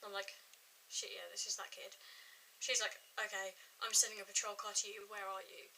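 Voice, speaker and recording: A woman's voice: medium pitch, little pitch movement, fairly quick, sharp tone, a little hiss or hum, poor audio. A young woman telling a true story to camera in a chatty vlog style, full of "like" and acted-out quotes. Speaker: vlogger.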